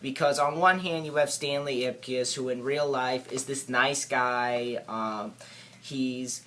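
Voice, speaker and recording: A man giving a casual spoken film review, hesitant and halting, with many filler words and restarts. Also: mid-range voice, fairly even intonation, a bit bright.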